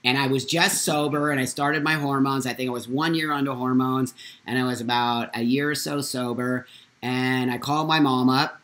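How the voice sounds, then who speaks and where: Male host, casual live chat, candid and blunt, animated storyteller. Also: medium pitch, moderate pace.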